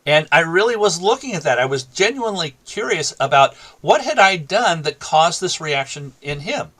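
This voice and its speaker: A man's voice: on the high side, big pitch swings, moderate pace, sharp tone. A man, a former teacher, telling a story from his classroom in an interview and acting out both sides of the conversation. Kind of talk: storytelling in a talk show interview.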